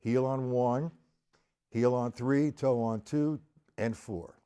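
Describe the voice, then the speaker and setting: This man's medium-pitched voice is clear and resonant, with a steady tone and an unhurried delivery. He's running a drum lesson on a live stream from a room with a drum set, counting beats and patiently chatting through exercises while a loud kit plays behind him.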